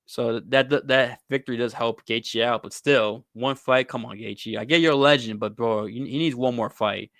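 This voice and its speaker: A male host delivers casual, opinionated sports commentary with a blunt, slangy edge. His voice is smooth and clear at an ordinary pitch. The recording is close and dry, with no room sound. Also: fairly bright tone, no room sound. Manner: blunt, opinionated, swears and says "bro".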